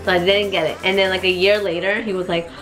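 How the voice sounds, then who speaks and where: A woman's voice: medium pitch, little pitch movement, fast talker, music in the background. A young woman in her twenties talking to the camera at home in a playful, goofy way, sprinkling Spanish phrases into her vlog. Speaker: vlogger. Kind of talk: casual vlog talk to camera.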